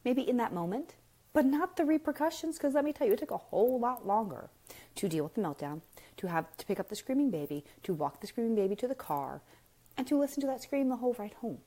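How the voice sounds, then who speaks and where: This woman talks fast in a warm, slightly high, expressive voice. On a casual live stream she delivers an emphatic, blunt parenting talk directly to viewers, leaning heavily on rhetorical questions.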